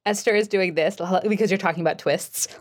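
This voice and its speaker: A woman game master narrating a tabletop role-playing scene in a relaxed, hesitant way, with many fillers. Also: medium pitch, brisk.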